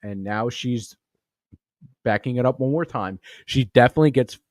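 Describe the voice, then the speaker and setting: A man's voice: mid-range voice, moderate pace, a little mellow, dry recording, studio quality. A man hosting a comedy podcast, telling a crude story in a profane, rambling way and laughing at his own jokes. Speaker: podcast host.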